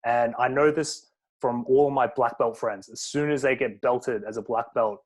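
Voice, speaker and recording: A man's voice: mid-range voice, moderate pace. Man, podcast host, casual chatty interviewer, mid-range voice. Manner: relaxed, chatty, filler-heavy.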